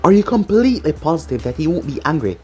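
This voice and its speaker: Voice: medium pitch, big pitch swings, fast talker, warm tone, natural voice. A narrator putting on a bratty sarcastic girl. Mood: whiny. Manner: whiny, sarcastic. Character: bratty sarcastic nineteen-year-old girl. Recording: faint music behind.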